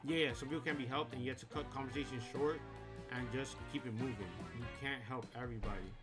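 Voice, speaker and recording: A man's voice: mid-range voice, fairly even intonation, quick pace. A man streaming a game, telling rambling work stories in a casual, filler-heavy way. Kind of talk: casual chat while gaming. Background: game music.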